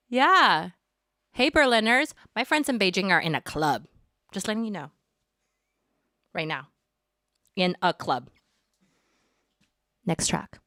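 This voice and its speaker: A woman's voice: medium pitch, lively intonation, slow pace, long pauses, fairly bright tone, no echo, clean studio sound. A woman musician chatting playfully on a live-streamed show, rambling with laughter and dramatic asides. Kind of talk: casual chat to a live stream.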